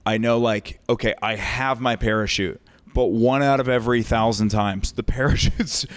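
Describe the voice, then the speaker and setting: A man co-hosting a podcast, a stand-up comedian telling animated, profane stories in casual chat. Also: mid-range voice, moderate pace. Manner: animated, profane storytelling with laughter.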